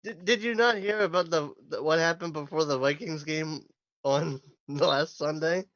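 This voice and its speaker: Higher-voiced man on a dull, lo-fi line. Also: moderate pace, fairly bright tone, no echo. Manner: hesitant, wry, with fillers and self-corrections. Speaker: sports podcast co-host. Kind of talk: casual sports chat.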